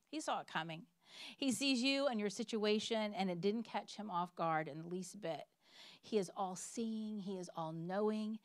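A woman's voice: medium pitch, no room sound, studio quality. A woman preaching a sermon in an earnest, emphatic way, reading scripture and telling personal stories.

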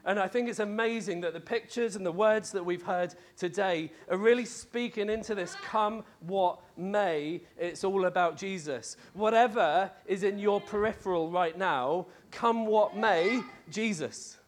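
High-voiced jokey male preacher. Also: unhurried, hardly any pauses. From Wales lived in, not grown up. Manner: jokey, conversational, lots of fillers and laughs. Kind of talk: lively sermon.

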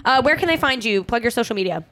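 A woman in her twenties hosting a podcast, telling a dating story in casual chat with lively, dramatic retelling. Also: a little high, fast talker, slight background noise. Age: 20s. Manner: animated, dramatic retelling with laughter. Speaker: podcast host.

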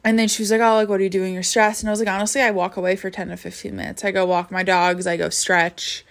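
A woman's voice: medium pitch, little pitch movement, fast. A young woman in her twenties talking casually about her life as a podcast host, tired and yawning, rambling with many fillers and restarts. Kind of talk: casual personal vlog talk.

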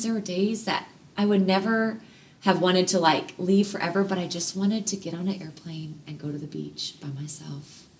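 A woman in her thirties telling a personal story as an interview guest, earnest and heartfelt, moving between hushed softness and lively bursts. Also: mid-range voice, distant mic.

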